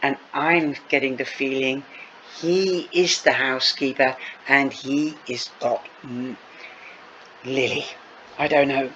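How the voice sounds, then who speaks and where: A man's voice: mid-range voice, steady tone, slow pace, sharp tone. A man reading a novel aloud, stopping for chatty asides to his listeners. Dull lo-fi recording with faint noise. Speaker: reader.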